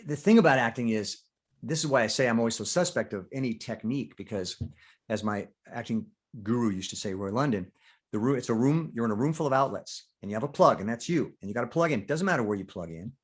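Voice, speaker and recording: A man's voice: medium pitch, quick pace, husky. An older man, a veteran actor, talking candidly in an interview, acting out inner thoughts and swearing freely. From United States. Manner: animated, acts out inner voices, swears freely. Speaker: guest actor.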